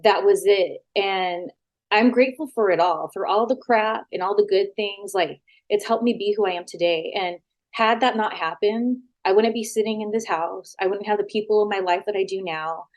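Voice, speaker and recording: A woman, a former wrestler, talking frankly as an interview guest, animated and full of quoted back-and-forth, sitting at a house. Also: mid-range voice, normal speed. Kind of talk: casual storytelling interview.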